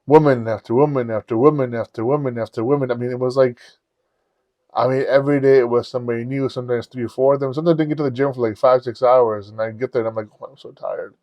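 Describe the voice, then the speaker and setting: A man's voice: mid-range voice, fairly even intonation, fast, warm tone, dry recording, lo-fi sound. A man, a podcast host telling a rambling, profane story and acting out the quotes. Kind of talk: casual storytelling.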